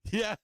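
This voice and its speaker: A man's voice: sits high, dry recording. A middle-aged man hosting a casual livestream, chatting crudely, swearing freely and laughing often. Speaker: stock market livestream host. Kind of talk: profane casual livestream chat.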